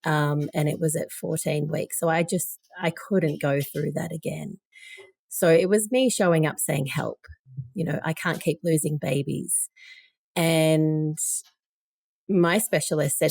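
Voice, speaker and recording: A woman's voice: low voice, steady tone, unhurried, vocal fry, a little mellow, dry recording, studio quality. A woman in her forties, a podcast guest, telling a personal story candidly and with emotion. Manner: emotional, candid, quoting others.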